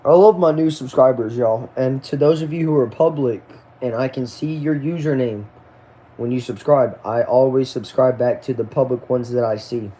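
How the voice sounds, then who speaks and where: A man's voice: medium pitch, moderate pace, dark tone. A man from the United States hosting a casual live stream, tired and sleepy, chatting loosely and greeting viewers by name as he reads their comments.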